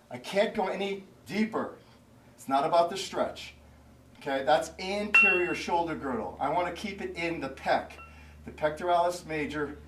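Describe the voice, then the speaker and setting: Slow-talking trainer in a roomy gym. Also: male voice, fairly high pitch, far from the mic. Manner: loud counted cues, then calmer explaining. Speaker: fitness trainer. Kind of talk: workout instruction. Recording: roomy echo, from off-mic.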